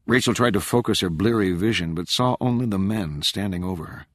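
Man reading an audiobook, lowish voice, dry, measured and dramatic. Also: dry recording. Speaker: audiobook narrator. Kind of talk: scripted audiobook narration.

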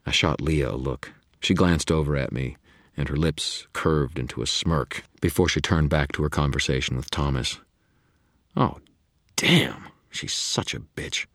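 A man's voice: extremely low pitch, normal speed, no room sound, clean studio sound. A man narrating a novel in first person, in a wry, clipped, tense manner. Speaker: audiobook narrator.

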